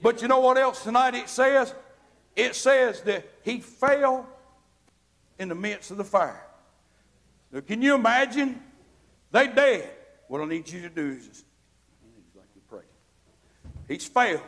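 Preacher guy, super high voice, folksy, hollers at the congregation. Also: expressive, unhurried, pauses often. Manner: folksy, calls out to the congregation, builds to shouting. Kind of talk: evangelical sermon.

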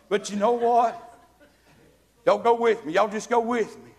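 A man's voice: high-pitched, normal speed, long pauses. A man preaching an evangelical sermon, folksy and calling out to the congregation. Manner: folksy, calls out to the congregation, builds to shouting.

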